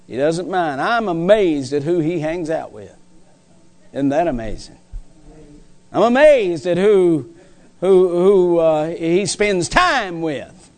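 A man's voice: fairly high pitch, lively intonation, slow pace, darkish tone. A male preacher delivering a sermon in an emphatic, folksy way, repeating phrases for stress.

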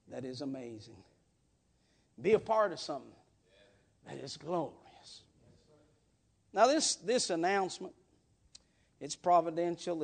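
A man preaching a storytelling sermon in a folksy way, repeating words as he builds up to shouts. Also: a little high, creaky.

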